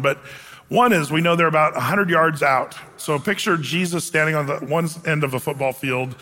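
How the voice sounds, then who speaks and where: A man's voice: on the high side, pushed and bright, big-room sound. A male pastor preaching a sermon, explaining scripture in a casual, conversational way with everyday asides.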